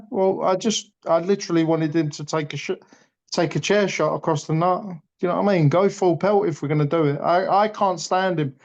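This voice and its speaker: A fired-up man talking boxing in casual chat, blunt and quick to swear. His voice sits a touch high for a man. The recording is dull and lo-fi. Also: a little mellow. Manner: blunt, passionate, swears freely. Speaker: boxing pundit. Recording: dull lo-fi audio.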